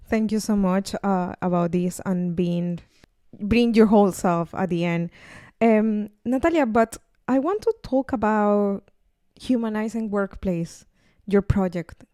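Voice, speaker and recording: A woman hosts a podcast conversation, affirming her guest and moving on to questions. Her voice has a middle pitch for a woman. It is recorded dry, with no room sound around it. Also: slow, dry recording. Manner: warmly affirming, asks questions. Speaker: podcast host.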